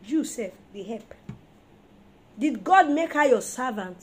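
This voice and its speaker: High-voiced woman preaching. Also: lively intonation, takes it slowly, long pauses, darkish tone, a little hiss or hum. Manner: emphatic, fires rhetorical questions at listeners. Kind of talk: sermon on marriage.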